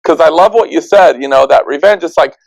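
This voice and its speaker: A man's voice: fairly high pitch, a little fast, vocal fry, poor audio. A man hosting an interview, asking questions and reflecting on his own experiences. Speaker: host. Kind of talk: conversational interview.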